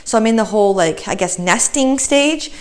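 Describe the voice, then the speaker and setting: A woman's voice: a little high, lively intonation, normal speed. A pregnant woman in her thirties giving a casual vlog update, chatty and slightly out of breath, with many fillers and restarts. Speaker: vlogger.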